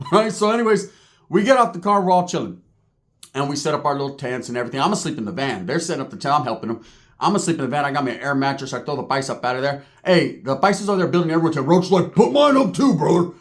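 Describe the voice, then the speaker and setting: A man's voice: fairly high pitch, animated, fast talker. Man telling a profane comic story. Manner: casual, profane, tags lines with right. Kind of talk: comedic storytelling.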